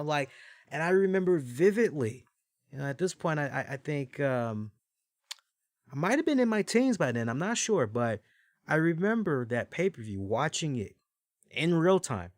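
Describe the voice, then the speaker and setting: Animated man hosting a wrestling podcast. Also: fairly high pitch, no echo. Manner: animated storytelling, swearing, frequent fillers. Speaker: podcast host. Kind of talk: casual wrestling review commentary.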